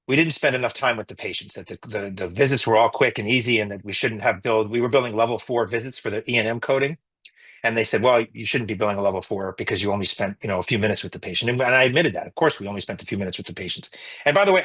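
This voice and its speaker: A middle-aged man, a physician, giving an emotional personal account in an interview, halting with many restarts. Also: mid-range voice, fairly bright tone, slightly rough, low-quality recording.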